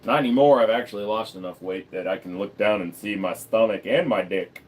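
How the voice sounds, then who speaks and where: A man's voice: on the low side, brisk. Male livestream host, loose and foul-mouthed, reads chat and riffs off it. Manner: blunt, profane, rambling, reads chat aloud.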